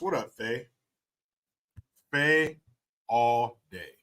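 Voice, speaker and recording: A man's voice: a little high, very animated, slow, heavy background noise. A man hosting a livestream who reads out viewer messages and banters in a joking, profane, laid-back way. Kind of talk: casual chat.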